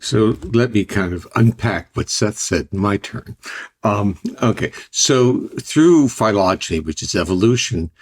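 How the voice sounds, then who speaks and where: An older man, a scientist guest, explaining ideas in a deliberate, conversational way. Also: on the low side, lively intonation. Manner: deliberate, explanatory, restarts phrases.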